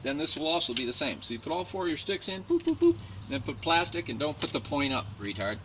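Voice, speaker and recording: A man's voice: on the high side, sing-song, quick pace. A man giving a casual, rambling how-to demonstration with plants outdoors, cracking jokes at his own expense. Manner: joking, rambling, self-mocking asides. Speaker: home gardener demonstrating plant cloning. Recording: distant mic with noisy outdoor background.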